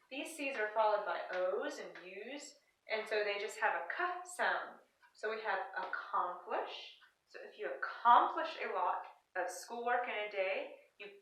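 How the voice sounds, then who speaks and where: A woman's voice: mid-range voice, pushed and bright. A woman teacher, giving a cheerful, patient recorded lesson to young children from a classroom with a board. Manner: cheerful, patient, talks directly to the kids. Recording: echoey room, mic set far off.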